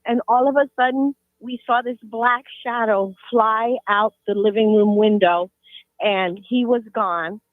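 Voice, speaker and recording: A woman's voice: on the high side, fairly even intonation, measured pace, no room sound. A woman calling into a radio show, earnestly telling a true story. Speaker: caller. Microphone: phone. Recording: tinny phone line.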